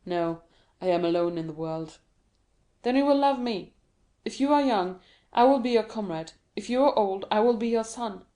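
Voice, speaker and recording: A woman voicing a desperate young male prisoner who pleads earnestly, in a dark, mellow tone. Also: mid-range voice, fairly even intonation, normal speed, natural voice. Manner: earnest, imploring.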